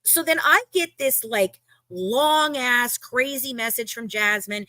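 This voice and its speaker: A woman's voice: on the high side, a little slow, no echo, rough recording. A woman hosting a livestream, telling a heated story with lots of swearing and quoted back-and-forth. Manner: animated storytelling, acting out quoted exchanges, frequent swearing. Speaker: livestream host. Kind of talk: casual livestream chat.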